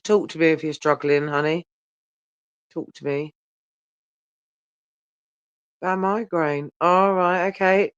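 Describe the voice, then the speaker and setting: A man's voice: fairly high pitch, fairly even intonation, slow pace, long pauses, a bit bright, clear, resonant tone, no room sound. A man, chatting casually and tiredly to viewers on a livestream, rambling and swearing, holding the phone very close. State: tired and yawning. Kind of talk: casual live chat with viewers. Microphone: phone held very close. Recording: dull, lo-fi, dry phone audio.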